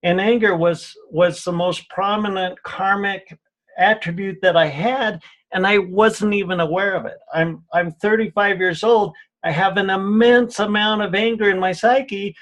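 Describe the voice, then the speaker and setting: A man with a notably high voice speaks as a guest on a radio interview. He tells personal stories earnestly, often repeating words and restarting his sentences. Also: steady tone, unhurried, a bit bright. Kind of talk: radio interview, spiritual healing talk. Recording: radio show audio.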